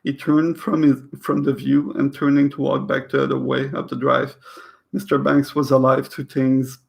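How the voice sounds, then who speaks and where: A man's voice: medium pitch, monotone, moderate pace, gravelly. A man reading a novel aloud in a casual way, stumbling over words, rereading them, and breaking off into chatty comments. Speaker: reader of a novel. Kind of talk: casual read-aloud with asides.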